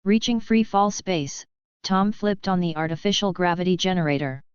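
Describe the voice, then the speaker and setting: A woman narrating an audiobook in a steady, measured reading. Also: lowish voice, clear, resonant tone, no echo, highs cut off. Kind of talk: scripted narration.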